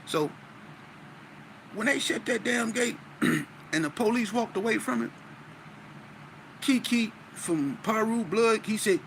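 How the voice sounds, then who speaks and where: Male guest storyteller, animated and slangy, slightly higher bright voice. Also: slow pace, long pauses, slight background noise, rough recording. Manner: animated, slang-heavy, stuttering restarts. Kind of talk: storytelling interview.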